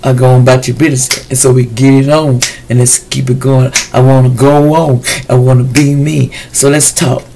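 A man's voice: medium pitch, flat delivery, moderate pace, creaky, hardly any pauses, background noise. A man giving a casual weekly tarot reading, chatty and slangy, talking straight to his viewers. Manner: chatty, loose and slangy, addresses viewers directly. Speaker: tarot reader.

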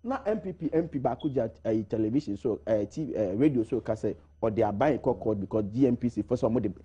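A man arguing on a political panel, emphatic and quick to interrupt. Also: mid-range voice, animated, warm tone, husky, dull audio. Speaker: studio panelist. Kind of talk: heated political debate.

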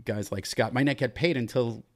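A man hosting a podcast, asking long questions with halting restarts. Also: mid-range voice. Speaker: podcast host. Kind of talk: interview questions.

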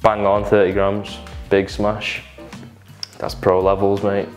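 A man's voice: on the low side, completely flat delivery, takes it slowly, faint music behind. A young man chatting and joking as he learns to cook from his girlfriend. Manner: joking, self-mocking banter. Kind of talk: casual cooking chat.

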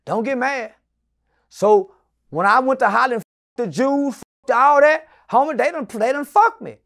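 A man in his forties telling stories as an interview guest, loud and profane, often shouting and then dropping into low muttered asides. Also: animated, moderate pace. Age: 40s. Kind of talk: animated storytelling in an interview.

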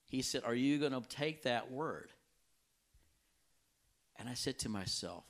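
A healing evangelist shares his testimony with a congregation in a medium-pitched male voice. He tells it animatedly, and his voice leaps high whenever he quotes his own reactions. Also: animated, a little slow, pauses often. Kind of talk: testimony in a church talk.

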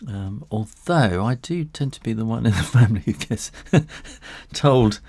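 A man's voice: on the low side, lively intonation, measured pace, creaky, darkish tone, slightly rough, dry recording. A man who illustrates books, talking through a live drawing tutorial in a chatty, rambling way with frequent chuckles, working in a studio next to his house. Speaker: illustrator and author.

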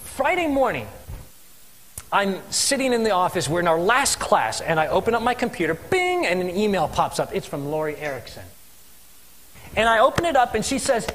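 A man telling his missionary story as a sermon testimony in a church, animated and asking the congregation questions. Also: high voice, a little fast, slight background noise. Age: adult with three children. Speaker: missionary speaker.

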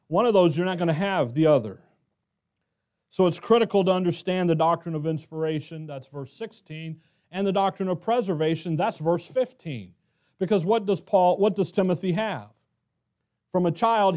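American pastor guy, middle-aged, mellow kinda high voice, chatty bible teaching w/ lots of questions. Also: normal speed. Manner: conversational, asks the congregation questions.

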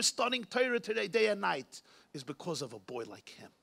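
A rabbi preaches through a story with dramatic swings between hushed and shouting passages. His fairly high, bright voice rises and falls in a lively way. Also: brisk, creaky. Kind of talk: sermon storytelling. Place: event hall.

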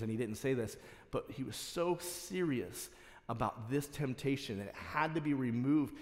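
A man's voice: mid-range voice, a little mellow. A male pastor delivering a sermon, passionate and building to emphatic exhortation. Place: church sanctuary. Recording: long reverb of a church hall.

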